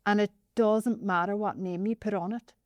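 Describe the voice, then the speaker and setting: A woman with a Northern Irish accent telling a personal story as a podcast guest, animated and often addressing the host by name. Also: medium pitch, normal speed, no room sound, highs cut off. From Northern Ireland.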